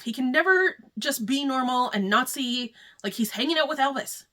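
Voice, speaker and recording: Chatty woman with a higher voice. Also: lively intonation, brisk, fairly bright tone. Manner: chatty, rambling, heavy use of "like". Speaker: book review vlogger. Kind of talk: casual spoiler book review.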